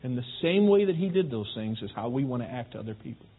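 A man's voice: medium pitch, lively intonation, quick pace, husky. A man preaching a sermon, talking easily to his congregation and often asking them questions. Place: church sanctuary. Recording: phone-like, with long hall reverb.

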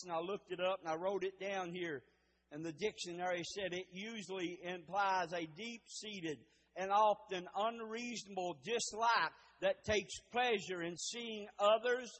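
A man preaching a sermon in a church, building up to shouted emphasis and stretching out key words. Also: high voice. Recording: long hall reverb.

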